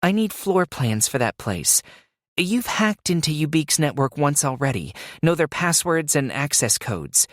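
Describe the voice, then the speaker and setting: A man's voice: fairly high pitch, sing-song, unhurried, fairly bright tone, no room sound, clean studio sound, voice pushed up. A man voicing a determined young woman who presses her case with tense urgency. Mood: urgent.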